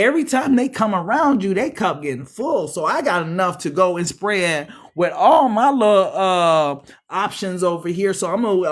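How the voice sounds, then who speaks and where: A woman runs a tarot reading in a loose, chatty way, speaking straight to her viewers. She is animated and slangy, often breaking into laughs and acting out little quotes at a middling pitch. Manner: frequent laughs and acted-out quotes; slangy, uses mild profanity. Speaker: tarot reader. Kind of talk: casual tarot reading to camera.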